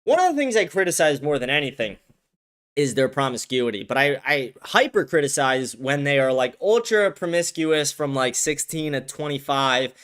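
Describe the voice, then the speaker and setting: A man's voice: fairly high pitch, lively intonation, normal speed, fairly bright tone. A man hosting a live-stream show, ranting bluntly in casual commentary, heavy on profanity.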